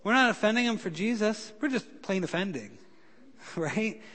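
A male pastor preaching a sermon, telling stories with feeling, rising loud for emphasis and dropping soft when he pleads. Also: sits high, sing-song, moderate pace. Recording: long hall reverb.

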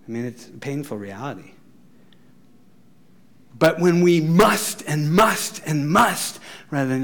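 Animated man preaching a sermon. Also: fairly high pitch, a little slow. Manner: animated, acts out quoted voices, laughs at own jokes. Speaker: pastor.

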